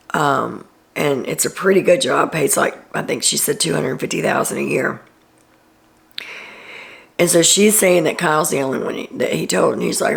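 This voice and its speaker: A woman with a low voice and a gravelly, creaky texture talks through a casual recap as the show's host. She is chatty and opinionated, with frequent ums and asides.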